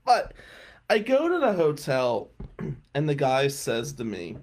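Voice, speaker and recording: A male radio host telling a comic story in a casual way, often clearing his throat and chuckling as he goes. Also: fairly high pitch, huge pitch swings, slow pace.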